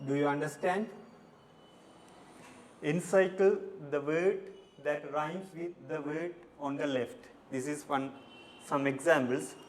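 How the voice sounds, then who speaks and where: A male English teacher from Sri Lanka works through a lesson with slow, deliberate word-by-word drilling. His voice sits a little high. He is picked up from some distance, with a faint hum of the room behind him. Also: steady tone. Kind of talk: recorded classroom lesson.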